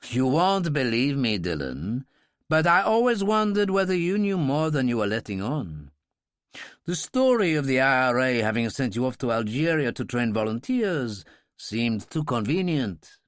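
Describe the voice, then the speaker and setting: A man voicing a gruff older ship's master with a harsh, sardonic manner. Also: mid-range voice, very animated, normal speed, no echo, clean studio sound, natural voice.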